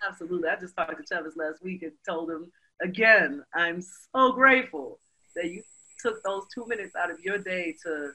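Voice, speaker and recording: A woman, a guest in a casual interview, telling her story with energy and leaning on lots of "you know"s. Her voice has a bright, forceful edge that carries each line. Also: fairly low pitch, normal speed, husky, poor audio. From Brooklyn, New York.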